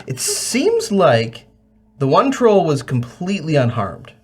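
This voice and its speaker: A man narrating a tabletop role-playing game as game master, animated and often laughing. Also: a little high, slow.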